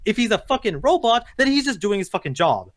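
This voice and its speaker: Fast, high-voiced profane man. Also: big pitch swings. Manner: blunt, profane, argumentative. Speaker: co-host. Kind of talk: casual movie review chat.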